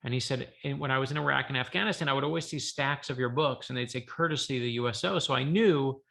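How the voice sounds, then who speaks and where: A man, an author, telling a lively story on a video call from his home office, acting out the dialogue. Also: medium pitch, quick pace, vocal fry. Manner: lively anecdotal, acts out dialogue. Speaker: author guest. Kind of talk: animated storytelling.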